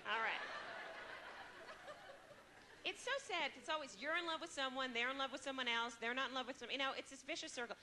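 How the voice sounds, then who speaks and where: A woman comedian doing a stand-up set on a club stage, chatty and self-mocking with quick asides to the crowd. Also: high voice, pushed and bright, slight background noise.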